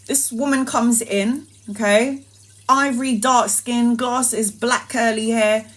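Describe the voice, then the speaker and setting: A woman's voice: fairly high pitch, steady tone, takes it slowly, a bit bright. A woman and tarot reader telling a story in a casual livestream, acting out the voices animatedly.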